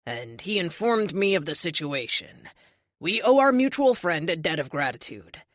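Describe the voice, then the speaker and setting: Woman playing older hero team leader, formal, measured, lower and lively, dry audiobook sound. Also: dry recording. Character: older male superhero team leader, composed.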